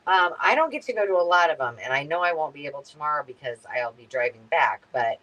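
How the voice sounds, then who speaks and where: A woman's voice: low voice, fast, highs cut off. A woman hosting a live craft sale stream, chatting casually with viewers. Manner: animated, talks to viewers with fillers. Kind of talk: casual chat.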